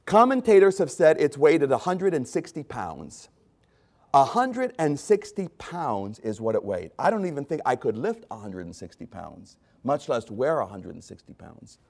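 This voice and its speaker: A man preaching a sermon, throat clearing and restarting as he builds to loud, urgent outbursts. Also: medium pitch, big pitch swings, normal speed. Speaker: pastor.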